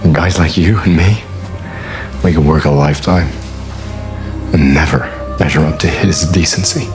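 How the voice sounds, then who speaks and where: An actor playing a grieving blind male lawyer, speaking quietly and solemnly in a TV drama. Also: a bass voice, moderate pace, music in the background. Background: film score.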